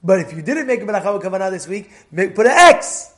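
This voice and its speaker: A man's voice: sits high, fast. A man teaching a Torah class, telling stories with Hebrew terms mixed in and asking the listeners questions. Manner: animated storytelling, mixes Hebrew terms, asks the listeners questions. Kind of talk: lively Torah class talk.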